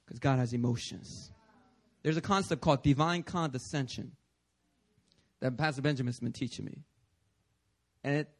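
A man preaching a sermon, animated, acting out voices and laughing often. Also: on the high side. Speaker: pastor.

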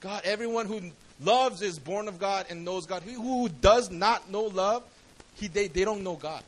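A man's voice: high-pitched, normal speed, poor audio. A man preaching a sermon in a casual, slangy way, often asking the congregation questions.

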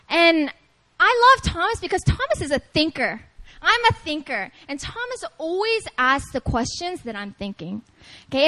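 A woman preaching at a prayer meeting, talking to the congregation in an animated, playful way and calling on them to respond. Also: sits high, poor audio. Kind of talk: lively conversational sermon.

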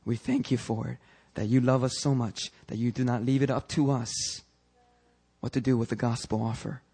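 A male pastor preaching a fervent sermon that rises into shouting, then leading prayer. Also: medium pitch, steady tone, normal speed, husky.

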